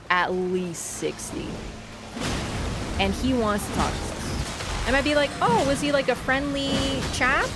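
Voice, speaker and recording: A young woman in her twenties from Canada, casually telling a long story while gaming, chatty and animated with frequent laughter. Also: mid-range voice. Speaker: gaming streamer. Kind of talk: casual storytelling over gameplay.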